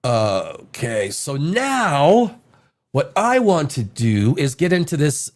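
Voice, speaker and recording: Animated man with a cold. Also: a little high, takes it slowly. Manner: animated, rambling, swears casually. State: has a cold. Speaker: podcast host. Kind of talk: casual podcast talk, reading news aloud.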